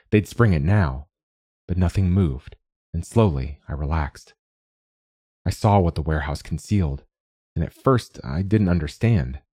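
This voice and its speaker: A man narrating a short story in a steady, measured way. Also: sits low, slightly rough, no room sound, studio quality. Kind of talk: scripted narration.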